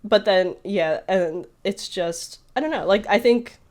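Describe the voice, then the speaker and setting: With a medium-pitched voice and a measured pace, a woman co-hosting a podcast rambles through a story. The retelling is lively and casual, full of fillers.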